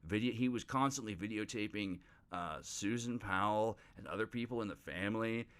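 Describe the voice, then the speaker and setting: A man with a slightly low voice hosts a podcast in a loose, unscripted monologue. He rambles from point to point, swears often and mocks his subjects with scorn. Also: normal speed, a bit bright, clean tone. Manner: profane, rambling and mocking. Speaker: podcast host. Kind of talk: casual true-crime monologue.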